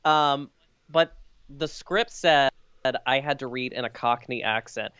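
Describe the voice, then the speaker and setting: A woman's voice: very deep voice, a little slow, a bit bright, clean tone, dry recording, dull audio. A woman comedian, a guest on the show, telling self-deprecating stories and laughing as she talks. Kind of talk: casual chat.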